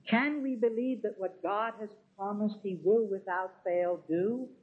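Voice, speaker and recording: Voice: mid-range voice, measured pace. A preacher giving an emphatic sermon, full of rhetorical questions. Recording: tinny, phone-like sound.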